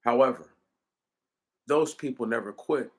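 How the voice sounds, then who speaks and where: A man's voice: mid-range voice, a little slow, slightly rough. A man delivering an impassioned commentary, hammering his points with repeated rhetorical questions in a preaching cadence.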